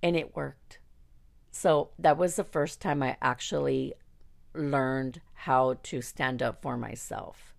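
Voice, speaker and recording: A woman casually telling a personal story, candid and profane, animated and quick to laugh. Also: very deep voice, creaky.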